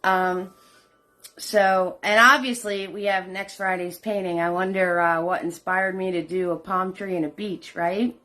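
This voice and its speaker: A woman's voice: fairly low pitch, steady tone, measured pace, sharp tone. A middle-aged woman teaching a live online painting class, chatty and encouraging, greeting viewers by name and calling them sweetheart and hun. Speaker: painting instructor. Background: faint music.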